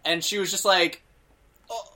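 A man's voice: fairly high pitch, normal speed. A young man chatting casually on a podcast, telling a travel story with lots of fillers and acted-out quotes. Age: young adult. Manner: animated, acts out quotes, many fillers. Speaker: podcast host.

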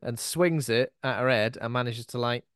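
A podcast co-host chats casually in a mid-range male voice that's fairly bright, clear and resonant, moving at a normal pace. He swears freely and drops into mocking voices, and the studio-quality audio has no room sound.

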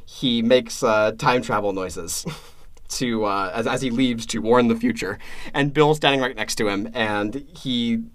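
A man's voice: medium pitch, measured pace, a bit bright. A man co-hosting a casual podcast, talking with many restarts and repeated words and laughing as he retells scenes. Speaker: podcast co-host.

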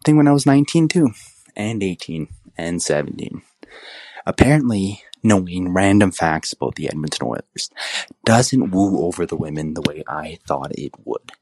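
A man's voice: deep voice, animated, moderate pace, a little mellow, dry recording. A twenty-year-old man calling in with a friendly, self-mocking message. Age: 20s. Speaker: caller. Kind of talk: voicemail message.

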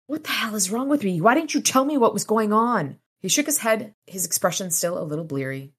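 Husky and medium-pitched, this woman hosts a podcast where she reads aloud from a novel, then recaps scenes with plenty of swearing. Her animated delivery is brisk with few pauses, and she lightly voices the characters as she moves between reading and retelling.

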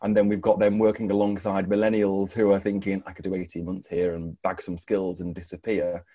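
A man speaks as an academic guest, his low voice mellow and soft-edged. He answers thoughtfully, padding his points with fillers as he works through ideas. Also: little pitch movement, a little fast. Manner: thoughtful, many hedging fillers. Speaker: guest academic, associate dean. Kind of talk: conversational interview answers.

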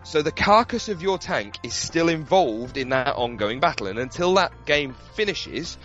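A man chats casually about video games on a podcast in a voice on the high side at normal speed, telling lively stories with plenty of laughter and swearing. The audio sounds dull, with faint music in the background.

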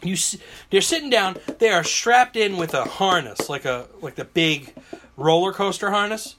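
A man with a high voice speaks at normal speed over a noisy background, recorded on a phone. Hosting a casual podcast chat, he's an animated storyteller full of energy who acts out people's reactions, screams included.

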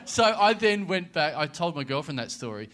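Man, live comedy podcast host, lively swooping delivery, crisp bright tone, swears freely. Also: fairly high pitch, normal speed. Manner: swears freely, rambling animated anecdotes. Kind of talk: live podcast banter and storytelling.

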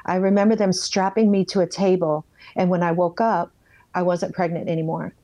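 A woman with a warm, mellow voice recounts her life in an interview. She speaks bluntly and plainly, and she dramatizes the thoughts she had back then as she tells it. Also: lowish voice, flat delivery, fairly quick. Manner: vivid storyteller who acts out her own past thoughts; blunt, plain-spoken, self-censors swearing. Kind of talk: candid personal testimony.

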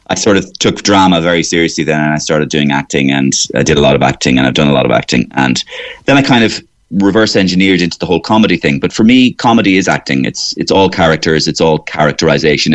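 Irish male comic guest, lowish voice, rambling and animated, studio radio chat. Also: brisk. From Waterford, Ireland. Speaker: guest comedian. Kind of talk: radio interview.

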